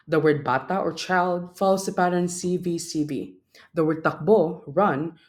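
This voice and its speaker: A man's voice: sits high, darkish tone. A young man, a student presenter, reading a prepared class presentation and stopping to sound out example words. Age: young adult.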